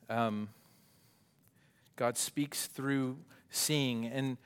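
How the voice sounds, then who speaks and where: A man's voice: medium pitch, clear, resonant tone. A male pastor giving a conversational sermon, with asides and self-corrections as he talks. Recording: long reverb of a hall.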